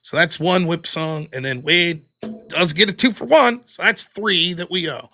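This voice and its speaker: A man hosts a live internet show and talks straight to his viewers in a blunt, profane rant. His voice sits high for a man and sounds bright and forceful. He reels off donations and rules for the chat in a brisk, casual way. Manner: blunt, profane, animated ranting. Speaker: livestream host.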